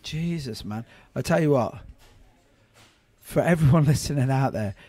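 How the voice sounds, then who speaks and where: A man's voice: mid-range voice, lively intonation, moderate pace, warm tone, dry recording. Guy hosting a podcast, brash, jokey, swears a lot. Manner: brash, joking, swears freely. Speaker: podcast host. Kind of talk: casual interview chat.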